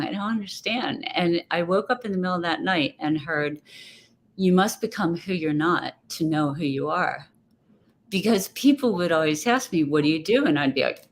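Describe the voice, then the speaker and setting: A woman guest speaking in a casual interview, reflective and rambling, often restarting her thoughts. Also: fairly low pitch. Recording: faint background noise.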